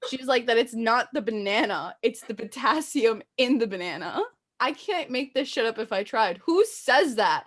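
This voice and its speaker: A young adult woman hosting a casual podcast chat, animated and quick to laugh, acting out quotes as she tells stories. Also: a little high. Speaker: podcast host.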